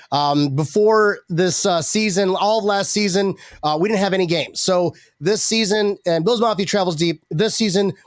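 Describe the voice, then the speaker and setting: A man hosting a live sports fan show, hyped and energetic, with quick restarts. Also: high voice, no echo, clean studio sound. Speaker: host.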